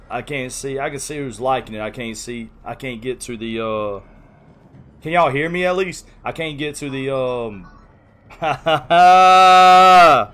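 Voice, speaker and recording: A man's voice: mid-range voice, a bit bright, a little hiss or hum. Flustered man streaming live. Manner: rambling, flustered, apologetic. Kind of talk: casual live-stream chat.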